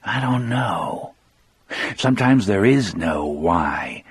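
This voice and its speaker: A man's voice: on the low side, lively intonation, slow, slightly rough. A man narrating an audiobook in a brooding, confessional first-person telling.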